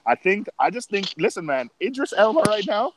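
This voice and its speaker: Guy, opinionated and talky, a little high pitched, noisy line. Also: big pitch swings, fairly quick. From United States. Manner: talkative, emphatic, opinionated. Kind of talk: casual chat.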